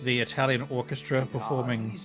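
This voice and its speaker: A man's voice: medium pitch, flat delivery, fairly quick. Male co-host, eager conversational tone, music plainly audible underneath. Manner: enthusiastic, with short murmured replies. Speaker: podcast co-host. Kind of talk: casual chat.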